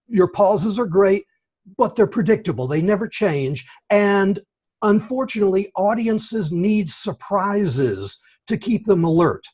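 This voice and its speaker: A man evaluating a speech at an online club meeting, giving encouraging feedback in slow, deliberate phrases over a video call. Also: sits high, lively intonation, darkish tone, breathy edge. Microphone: computer mic on video call.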